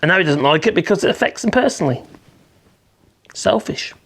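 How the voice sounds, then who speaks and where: A woman's voice: lowish voice, expressive, rapid-fire, breathy edge. A woman hosting her channel, reading a news story aloud and commenting on it sarcastically, with sighs and wry asides. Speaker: channel host.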